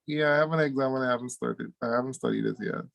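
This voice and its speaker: A man teaching an online exam review class, animated, repeating key words and laughing easily. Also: medium pitch, fast talker, creaky.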